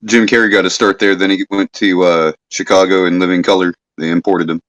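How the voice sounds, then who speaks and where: A relaxed man rambling in casual conversation and swearing freely. His voice is fairly low. The sound is dry, with no room echo. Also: brisk. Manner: laid-back, swearing, rambling. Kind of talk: casual chat.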